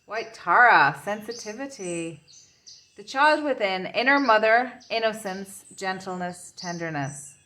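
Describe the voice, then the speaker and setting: A woman's voice: mid-range voice, a bit bright, a little hiss or hum. A woman doing an intuitive tarot reading, rambling and searching for her words as she talks. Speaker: tarot reader.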